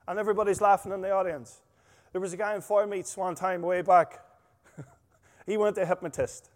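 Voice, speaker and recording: A man preaching a sermon, emphatic and full of stories, his volume swinging between loud stresses and quiet asides. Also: high voice. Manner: emphatic, storytelling, rising and dropping volume. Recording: long hall reverb.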